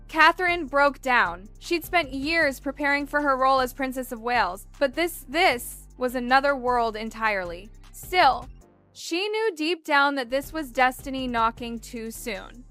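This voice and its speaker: A woman narrates a dramatic story in a measured, scripted way. Her voice is high, bright and smooth, with faint music playing behind. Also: animated.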